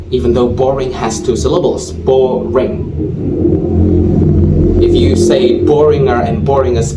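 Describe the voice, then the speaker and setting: Slow, deliberate male English teacher. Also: mid-range voice, warm tone, distant mic, a little hiss or hum. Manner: slow, deliberate explaining with spelled-out endings. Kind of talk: English grammar lesson. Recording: roomy sound from off-mic.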